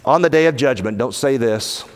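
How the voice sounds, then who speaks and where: A man's voice: expressive, moderate pace. Earnest male preacher with reverb. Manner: earnest, pleading, rises in pitch when quoting. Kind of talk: sermon.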